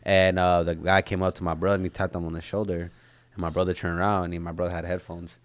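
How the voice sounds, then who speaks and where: Young Californian co-host with a lowish voice, blunt reactive banter, dry close sound. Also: male voice, little pitch movement, fast talker, dry recording. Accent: Californian English. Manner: blunt reactive banter, sharp jumps in pitch when surprised. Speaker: podcast co-host. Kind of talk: casual chat.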